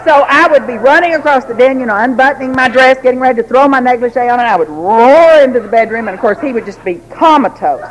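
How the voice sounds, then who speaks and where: A woman telling a personal story to a recovery group, lively and laughing, acting out the voices she quotes. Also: high voice, quick pace, few pauses, a little hiss or hum, rough recording. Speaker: recovery meeting speaker.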